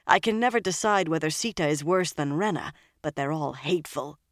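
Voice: mid-range voice, expressive, fairly quick, dry recording, studio quality, close to an everyday voice. An audiobook narrator voicing a shaken young woman freed from captivity, her voice quivering, then turning bitter. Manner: quivering, rising to sharp outbursts.

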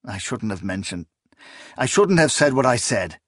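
A man voicing a weary, brooding male scholar in an audiobook, speaking low and guarded. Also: expressive, a little slow, fairly bright tone, slightly rough, dry recording, studio quality, exaggerated voice. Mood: subdued. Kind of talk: audiobook character voice.

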